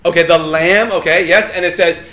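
A man's voice: a little high, fairly quick. A man leading an interactive Bible class, asking the group questions and joking as he teaches. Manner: lively, asks the group questions, jokes and laughs. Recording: echoey room, faint ambience.

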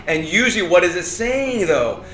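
A man leads an interactive Bible class in a lively way, questioning the group and joking and laughing as he teaches. His voice is high-pitched at a moderate pace, with soft background music in an echoey room with faint ambience.

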